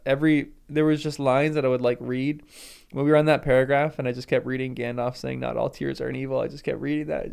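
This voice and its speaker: A man's voice: mid-range voice, creaky, a little mellow, clear, resonant tone. A man hosting a live stream, chatting emotionally with viewers and reading from a book aloud.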